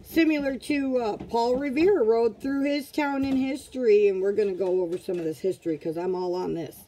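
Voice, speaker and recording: A woman's voice: on the high side, moderate pace, warm tone, a little hiss or hum, low-quality recording. A middle-aged woman at home giving a casual motivational talk to her followers, asking rhetorical questions over and over in a preachy way. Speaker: vlogger, motivational group leader.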